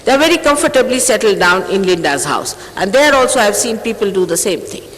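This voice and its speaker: A woman in her sixties delivers a stern, reproachful address, her pitch leaping up and down with lively emphasis. Her voice rings through a large hall with a long, echoing reverb. A faint hum of ambience sits under this old archive tape. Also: fairly quick. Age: 60s. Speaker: spiritual teacher. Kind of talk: scolding address to followers.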